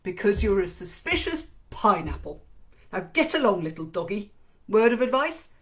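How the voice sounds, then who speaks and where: A man's voice: high-pitched, very animated, moderate pace. A woman reading the lines of a teasing, easygoing male friend from a novel's opening chapter.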